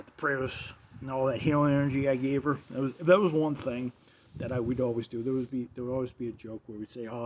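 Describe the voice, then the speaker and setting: A man's voice: medium pitch, a little mellow, slight background noise. A man hosting his own show, telling a personal story in a rambling, casual monologue with many restarts, recorded on his phone. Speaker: show host.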